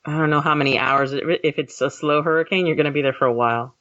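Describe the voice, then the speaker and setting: A woman's voice: low-pitched, fast, dull audio. A woman from Florida co-hosting a casual podcast chat, telling stories with acted-out voices. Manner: animated storytelling with acted-out voices. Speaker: podcast co-host.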